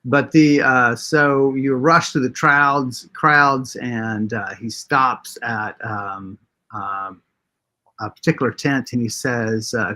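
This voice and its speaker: A man runs a tabletop role-playing game, narrating the scene at an unhurried pace. He hesitates often and fills pauses with filler words while he works out what comes next. His pitch is in a middle range for a man. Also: steady tone, bright, forceful tone. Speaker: game master.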